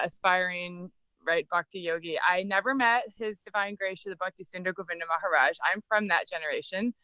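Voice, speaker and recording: A chatty American woman asks her question in a slangy, animated way. Her voice is bright and forward, and the sound is dry and close, with almost no room behind it. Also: medium pitch, clear, resonant tone, dry recording, low-quality recording. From United States. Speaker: class participant asking a question. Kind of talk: casual question on a group call.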